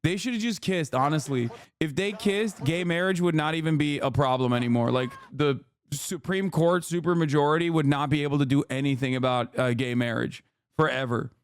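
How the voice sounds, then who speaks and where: A man's voice: a little high, fairly quick, slight background noise. A man streaming casual commentary, ranting profanely with mock patriotic bravado.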